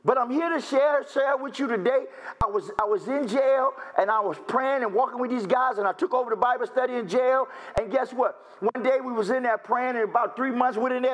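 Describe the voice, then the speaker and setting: Male preacher, high and husky, emotional testimony sermon with call-and-response. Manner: call-and-response asides, repeats phrases, rising to near-shouts.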